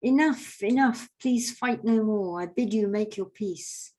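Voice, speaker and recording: A woman voicing an old Father Christmas in a folk mummers' play, a peacemaking guardian who pleads in slow rhymed verse. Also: mid-range voice, darkish tone, pitched above the performer's own voice, natural voice. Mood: solemn.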